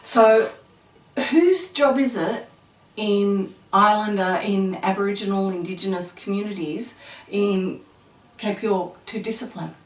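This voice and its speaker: A woman's voice: medium pitch, unhurried. A woman interviewer who asks leading questions and affirms each answer, recorded in a casual interview. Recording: echoey room, mic at a distance.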